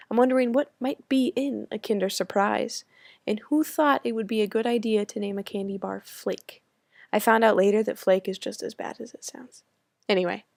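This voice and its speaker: Young american woman reading her own funny essay, kinda high and gravelly, dry close sound. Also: darkish tone, dry recording. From United States. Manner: wry, self-mocking storytelling. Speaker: student writer. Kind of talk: reading a personal essay aloud.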